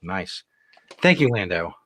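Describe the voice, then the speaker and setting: A middle-aged co-host of a casual chat show reads out viewer comments in a wry, self-mocking way. His deep voice is sing-song and sharp in tone, at a measured pace, with no echo.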